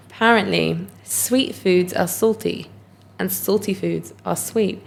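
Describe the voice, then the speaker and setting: A woman, co-hosting a casual podcast chat, telling stories in a lively, self-mocking way. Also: on the low side, slow, creaky. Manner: chatty, animated storyteller, self-mocking. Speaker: podcast co-host.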